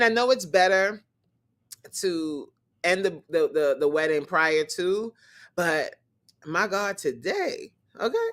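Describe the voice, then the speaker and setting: Lady chatting on a livestream, super animated, laughs a lot, teases the chat. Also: medium pitch. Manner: animated, laughs often, teasing asides to viewers. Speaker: host. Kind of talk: casual livestream chat about movies.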